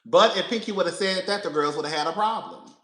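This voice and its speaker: A man giving sassy, profane reality-TV commentary, laughing often and talking in an animated way. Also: high voice, fast talker. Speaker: pop culture commentator. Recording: roomy echo.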